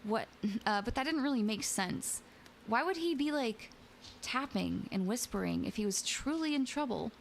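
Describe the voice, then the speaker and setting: A woman's voice: on the high side, animated, normal speed, creaky, a little hiss or hum. A young adult woman hosting a live stream, reading scary stories aloud and chatting playfully with viewers, often giggling. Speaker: VTuber streamer and host. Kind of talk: casual stream chat and story reading.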